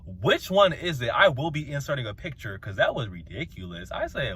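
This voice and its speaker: A man with a fairly high voice rips through a reality show episode, his pitch swooping wildly from low grumbles up to sharp squeals. He talks in a sassy, slangy, dramatic way, like he is gossiping with friends. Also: animated, fairly quick, few pauses, a little hiss or hum. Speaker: reality show reviewer and channel host. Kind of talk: casual episode recap.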